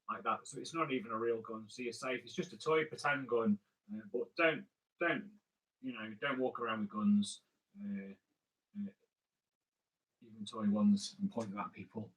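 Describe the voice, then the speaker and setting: A man's voice: medium pitch, sharp tone, poor audio. A man hosting a live drawing stream, chatting playfully with viewers and thinking aloud as he draws. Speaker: comic artist host.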